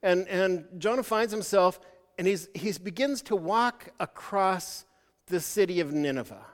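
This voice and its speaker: Storytelling preacher, male, a bit high, stop-start delivery, long hall reverb. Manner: halting, many restarts, storytelling. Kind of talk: sermon.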